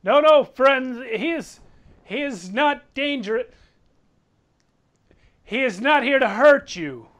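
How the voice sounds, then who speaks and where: A man putting on a higher, brighter voice for an earnest male adventurer who pleads with a frightened crowd. The delivery is loud and reassuring, and each line pushes upward as the companion insists there is nothing to fear. It sits in the middle of a tabletop game session. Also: animated, slow pace, pauses often, exaggerated voice.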